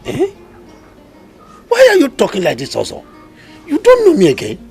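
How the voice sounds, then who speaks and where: A man's voice: medium pitch, wildly swooping pitch, moderate pace, gravelly, soft background music. A man with a Nigerian accent playing a desperate poor village hunter who pleads and cries out. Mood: begging. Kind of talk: Nollywood film acting.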